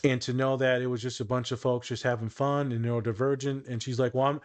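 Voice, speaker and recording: A man of middle pitch hosts a relaxed podcast, teasing his friends one moment and laying out ideas like a counselor the next. His talk is easy and conversational. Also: fast. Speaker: podcast host. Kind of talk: casual podcast chat.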